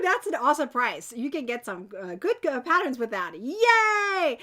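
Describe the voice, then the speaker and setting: A woman hosting a live crochet giveaway stream, chatting to viewers and cheering on winners. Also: extremely high pitch. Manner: bubbly, cheering, quick bursts of excitement. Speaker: crochet channel host running a giveaway.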